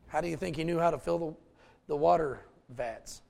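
A male pastor preaching a folksy, animated sermon with asides to the congregation. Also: fairly high pitch, moderate pace, gravelly.

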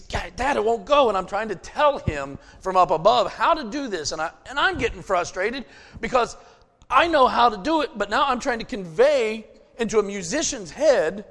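Middle-aged male pastor, emphatic folksy sermon delivery, lively high voice; reverberant hall. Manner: emphatic, folksy preaching with personal stories.

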